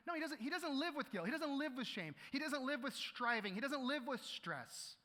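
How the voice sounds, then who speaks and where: Animated high-voiced male pastor in a hall. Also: moderate pace, few pauses. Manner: animated, repeats words, acts out quotes. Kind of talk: sermon. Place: church hall. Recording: live hall reverb.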